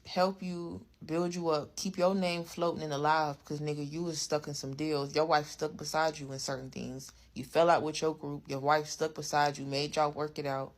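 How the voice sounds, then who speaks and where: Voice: mid-range voice, level tone, moderate pace, hardly any pauses. A speaker giving casual commentary, angry and heated, swearing heavily.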